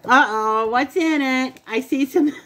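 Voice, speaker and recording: A woman's voice: high-pitched, takes it slowly, fairly bright tone. A woman co-hosting a casual unboxing vlog, gushing and talking straight to her viewers. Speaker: channel co-host.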